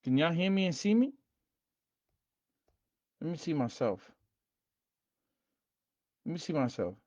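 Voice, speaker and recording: A man hosting a casual livestream, hyped and streetwise, repeating himself and shouting out viewers by name. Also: fairly high pitch, very animated, measured pace, lo-fi sound. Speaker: livestream host teaching game rules.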